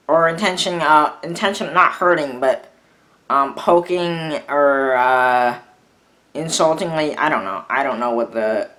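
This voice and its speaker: Young man, vlog rant, slow and halting, fairly high voice, bitter and profane. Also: bright, forceful tone, rough recording. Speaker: vlogger. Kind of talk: personal storytime rant.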